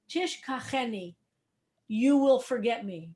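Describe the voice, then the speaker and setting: A woman's voice: a little high, unhurried. Woman rabbi teaching a Psalm class. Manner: thoughtful, explains step by step, repeats key points. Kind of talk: teaching a text study class.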